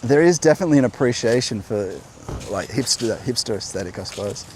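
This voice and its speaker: Man, mid-pitched voice, wandering walk-and-talk vlogger who keeps interrupting himself, clip-on mic, faint outdoor ambience. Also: animated, fast talker, a little mellow, a little hiss or hum. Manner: rambling, musing, self-interrupting. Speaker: host. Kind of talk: walking vlog monologue. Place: outdoor coastal walk by a beach.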